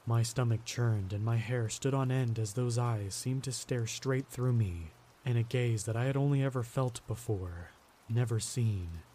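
Man narrating a horror story, mellow tone. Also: mid-range voice, measured pace, slight background noise.

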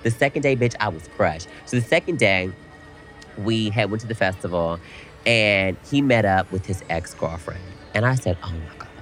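A young man co-hosting a podcast, telling an animated story in casual chat and swearing freely. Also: lowish voice, normal speed, soft background music. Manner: animated storytelling, frequent cursing. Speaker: podcast co-host.

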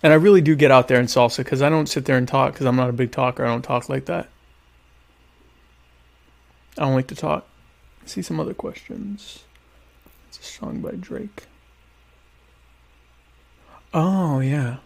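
A man chatting casually to viewers while eating dinner, rambling and joking with deadpan irony about being a quiet type. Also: mid-range voice, brisk, gravelly. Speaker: vlogger answering viewer questions. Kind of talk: casual comedic chat.

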